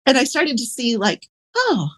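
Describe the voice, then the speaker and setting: A woman guest on a podcast tells her own story candidly. Her voice is breathy and sits in a middle pitch. She wanders through her thoughts, with lots of fillers and soft laughter. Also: moderate pace. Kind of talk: personal story in a podcast interview.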